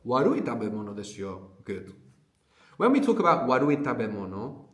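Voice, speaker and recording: A man's voice: medium pitch, very animated, brisk. Man teaching in an echoey room. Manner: explanatory, often ends points with a questioning "no?". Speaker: language teacher. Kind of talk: guided language lesson.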